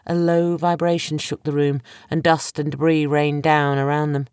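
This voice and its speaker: A woman narrating an audiobook in a dramatic, measured storytelling manner. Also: sits low, level tone, a little mellow, clear, resonant tone, dry recording, clean studio sound. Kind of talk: scripted narration.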